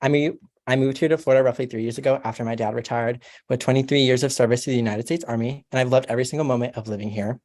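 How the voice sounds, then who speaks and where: A man's voice: mid-range voice, fairly even intonation, a little mellow. A young man, a college sophomore, giving a prepared, earnest speech as a candidate for a student court seat. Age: young adult. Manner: formal, measured and earnest.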